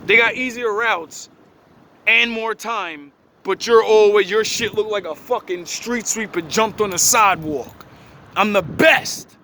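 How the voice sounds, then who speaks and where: A man's voice: sits high, measured pace, sharp tone. A young man, delivering a blunt, profane, preachy motivational rant outdoors by a street. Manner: blunt, heavy cursing, preachy. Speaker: video creator. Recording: noisy outdoor street recording.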